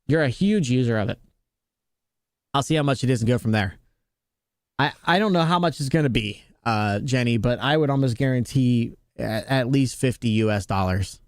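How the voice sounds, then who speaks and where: A man's voice: medium pitch, animated, normal speed, no echo. Casual streamer man, dry close sound. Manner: rambling, talks to chat, frequent restarts. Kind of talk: casual live-stream chat.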